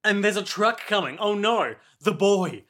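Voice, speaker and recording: A man co-hosting a casual recap chat, joking and throwing in quick asides. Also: high voice, animated, fairly bright tone. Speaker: podcast co-host.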